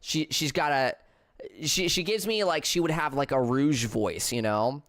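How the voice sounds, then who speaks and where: A man's voice: a little high, a little slow, fairly bright tone, no echo, clean studio sound. Stammering young man streaming a game. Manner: rambling, stammering, self-deprecating. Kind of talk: casual gameplay commentary and voice acting.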